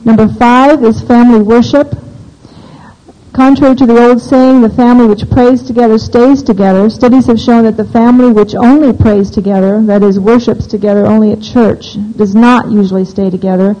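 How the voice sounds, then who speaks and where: A woman's voice: fairly high pitch, fairly even intonation, normal speed, mellow. A woman speaking to a live audience at a homeschooling seminar, opinionated and practical, often asking the listeners questions. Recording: dull lo-fi recording.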